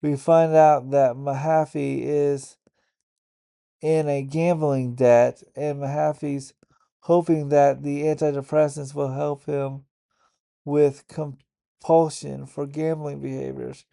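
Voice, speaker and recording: A man casually recapping a TV episode for his online channel, in a halting, stop-start way. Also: fairly high pitch, little pitch movement, vocal fry, warm tone. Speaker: YouTube reviewer.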